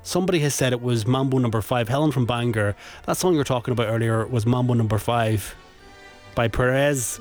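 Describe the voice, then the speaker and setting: A man's voice: medium pitch, brisk, soft background music. Chatty radio host, man. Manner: chatty, laughs easily. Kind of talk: casual radio chat.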